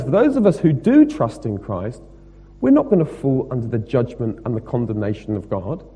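A man preaching a sermon, emphatic and rhetorical, moving between loud stressed points and quieter asides. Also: on the high side, husky. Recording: long reverb of a hall.

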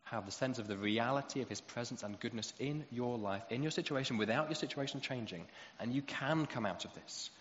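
A man preaching a sermon, animated as he acts out quoted voices. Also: medium pitch, a little fast, hardly any pauses. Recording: roomy hall echo, dull lo-fi sound.

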